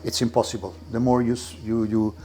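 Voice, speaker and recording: A man with an Italian accent, a car collector giving a tour of his garage and talking in halting English with many restarts. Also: mid-range voice, flat delivery, warm tone, faint music behind. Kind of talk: casual interview while walking a car collection. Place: indoor garage.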